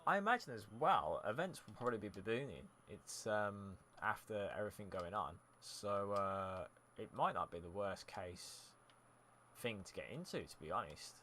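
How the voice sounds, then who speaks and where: In this casual live-stream commentary, a young man from the United Kingdom narrates a football match, reacts to the action, and responds to chat messages. His lowish voice is very animated, bright and forceful, delivered at a moderate pace.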